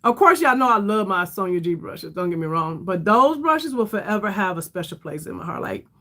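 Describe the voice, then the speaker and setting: A woman's voice: mid-range voice, big pitch swings, brisk, pushed and bright. A middle-aged woman hosting a casual makeup livestream, chatty and rambling, calling her viewers "y'all" and sounding tired. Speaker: beauty livestream host.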